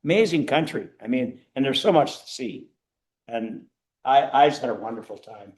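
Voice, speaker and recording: A man's voice: mid-range voice, moderate pace. Older man telling travel stories. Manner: animated, self-mocking storyteller. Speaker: guest speaker. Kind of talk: storytelling talk to a church audience.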